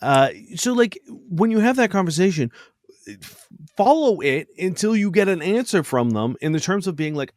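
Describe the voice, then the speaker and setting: A man co-hosting a casual podcast conversation. His pitch swings widely as he acts out quoted lines and swears freely. The sound is dry and close. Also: very animated, normal speed, a little mellow, dry recording. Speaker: podcast co-host.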